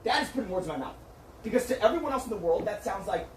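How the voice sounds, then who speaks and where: A streamer's manager lectures and swears through a heated argument, berating the other side as he insists on his point. His high-pitched voice is quick with lively intonation. He's recorded from far off in an echoey room with faint noise.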